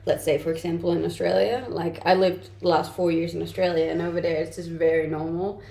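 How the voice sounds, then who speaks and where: A woman's voice: lowish voice, flat delivery, fairly quick, gravelly, mellow. A young woman from Denmark with a mixed, Danish-tinged English accent, chatting casually on a livestream and answering her chat. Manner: chatty, reads chat aloud and answers with light laughs. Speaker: streamer and content creator. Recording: roomy echo.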